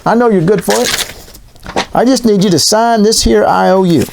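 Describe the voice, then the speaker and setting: A man's voice: high voice, moderate pace, creaky, noisy background, pitched above the performer's own voice. A man voicing an easygoing male general store owner from an Old West town, folksy and reassuring.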